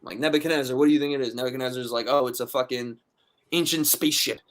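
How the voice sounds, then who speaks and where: Man, from Philadelphia, podcast guest, casual storytelling, animated, profane, mid-pitched voice. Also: fast talker. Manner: animated, profane, acts out friends' quotes.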